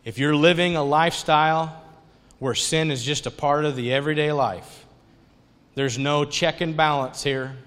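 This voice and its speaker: A male pastor preaching a sermon, animated and conversational as he tells stories. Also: mid-range voice, in a large hall.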